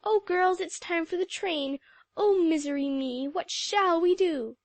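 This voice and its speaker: A woman voicing an excitable, theatrical schoolgirl who exclaims breathlessly. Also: extremely high pitch, slow, no room sound, voice pushed up, heavily acted. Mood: excited.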